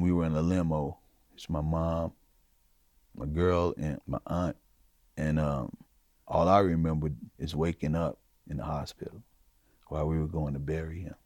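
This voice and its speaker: A middle-aged man from Chicago giving a personal testimony in a halting, informal way, full of fillers. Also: a bass voice, a little mellow, dry recording. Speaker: interviewee.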